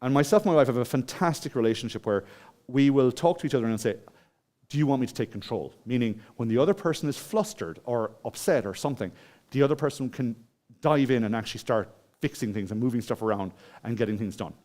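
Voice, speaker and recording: A man's voice: mid-range voice, animated, fast talker, a little mellow. A man with an Irish accent giving a conversational conference talk, asking the audience questions and telling a personal story. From Ireland. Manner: conversational, asks the audience questions, many restarts. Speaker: conference speaker. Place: conference hall.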